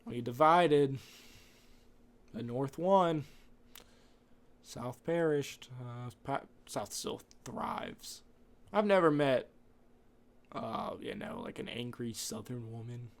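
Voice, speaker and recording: A man's voice: mid-range voice, takes it slowly, pauses often. A man hosting a podcast, rambling off script through an opinionated casual monologue. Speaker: podcast host.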